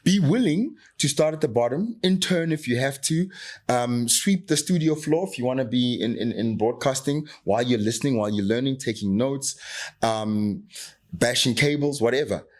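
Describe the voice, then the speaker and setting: A middle-aged man from South Africa speaks as a guest on a podcast, an actor with strong views. He is passionate and emphatic, and he drives his argument with rhetorical questions in a voice of ordinary pitch. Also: animated, normal speed, darkish tone. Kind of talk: candid podcast conversation.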